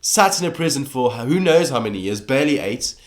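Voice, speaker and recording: A man's voice: mid-range voice, lively intonation, a little fast. A teenage boy from South Africa with a South African accent, talking casually in a vlog, rambling with fillers and restarts. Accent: South African English. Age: teens. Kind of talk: casual vlog reacting to assumptions.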